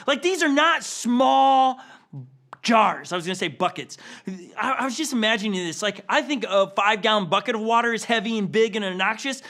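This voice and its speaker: Male pastor, high bright voice, loose and chatty sermon delivery with a playful streak. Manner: casual and playful, with frequent "okay?" and "like"; acts out quoted characters with a chuckle. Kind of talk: conversational sermon.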